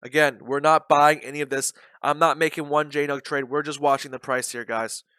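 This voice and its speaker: A man's voice: on the high side, steady tone, moderate pace, pushed and bright, clear, resonant tone, dry recording. A man giving live commentary on a day-trading stream, blunt and repetitive, openly frustrated.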